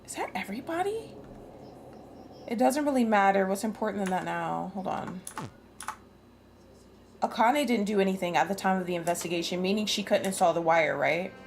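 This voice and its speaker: A woman's voice: medium pitch, brisk, gravelly, a little hiss or hum. A woman streaming a game, chatting casually with frequent laughs and free swearing. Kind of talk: casual gameplay commentary.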